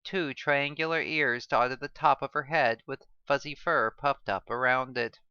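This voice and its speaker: Bright, clear-voiced woman reading a novel. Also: extremely low pitch, fairly even intonation, measured pace, few pauses, no echo, dull audio. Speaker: story reader.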